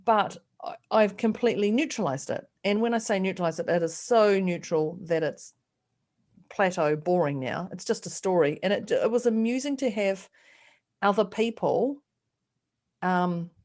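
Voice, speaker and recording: In a relaxed podcast conversation, a female co-host spins animated stories and acts out every quoted voice. She speaks at a moderate pace in a mid-range voice.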